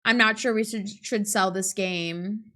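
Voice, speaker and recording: A woman's voice: medium pitch, fairly even intonation, unhurried, sharp tone. A young woman streamer reading a visual novel aloud and chatting with her viewers between lines. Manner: chatty, reacting and reading between asides to chat.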